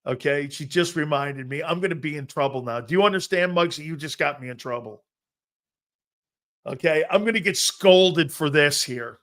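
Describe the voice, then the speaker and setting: A man hosting a live sports talk show, loud and jokey, talking straight to his viewers. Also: fairly high pitch, takes it slowly, pauses often. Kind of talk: live-stream sports talk reading chat.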